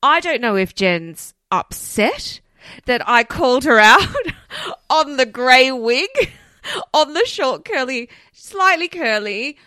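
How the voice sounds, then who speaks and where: Woman co-host, bubbly and giggly, higher voice, very lively pitch. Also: takes it slowly, dry recording. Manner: animated, giggly, exclamatory. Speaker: podcast co-host. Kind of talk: casual chat.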